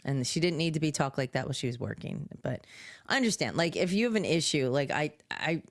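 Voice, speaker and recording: A woman co-hosting a podcast, chatty and quick to laugh, reading out listener comments in casual chat. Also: deep voice, animated, dry recording, clean studio sound. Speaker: podcast co-host.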